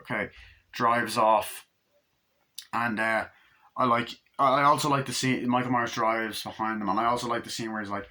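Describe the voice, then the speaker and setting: A man's voice: medium pitch, fairly even intonation, normal speed, sharp tone. A man giving a casual, rambling movie review, full of "like" and fillers, acting out scenes as he goes. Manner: rambling, filler-heavy retelling that acts out scenes.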